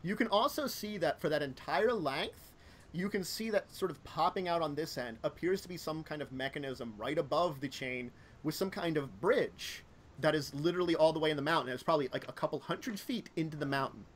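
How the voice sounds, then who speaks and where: Guy running a tabletop game, rambly and full of um's and likes, slightly high voice. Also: a little fast. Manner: rambling, lots of fillers and self-corrections. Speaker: game master.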